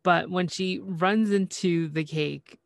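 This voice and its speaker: A speaker with a mid-range voice recaps a TV episode in casual chat, sighing and acting out what the characters said. The delivery is expressive and chatty. The recording is dry, with no room echo. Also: medium pitch, takes it slowly, gravelly. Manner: expressive, sighs, retells scenes by acting out the characters' lines. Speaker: podcast co-host recapping a TV episode.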